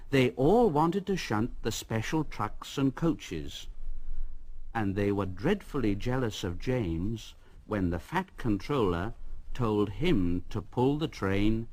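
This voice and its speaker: A man narrating a children's storybook at an unhurried pace. His pitch rises and falls in lively, expressive turns. The voice sits at a middle pitch. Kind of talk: storybook reading.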